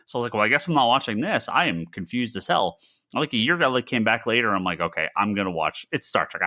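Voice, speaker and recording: A man in casual podcast chat, ranting with a lively, swinging delivery and a lower-pitched voice that still sounds bright and forceful. He curses freely and acts out what he thought at the time. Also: fast talker, no echo, clean studio sound. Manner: animated ranting, swearing, acts out his own past reactions. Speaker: podcast co-host.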